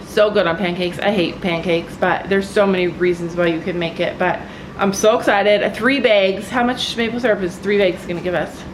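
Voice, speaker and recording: A woman vlogging outdoors on a snowy farm, chatting excitedly to her viewers and often repeating herself. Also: mid-range voice, moderate pace, background noise. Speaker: vlogger on a family homestead. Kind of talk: casual vlog talk to camera.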